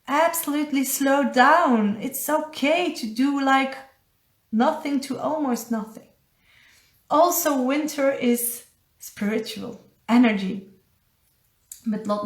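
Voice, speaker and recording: A woman with a Dutch accent, a spiritual coach giving a casual live card reading, halting and searching for English words. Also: sits high. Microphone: phone or webcam on a live stream. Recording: echoey room.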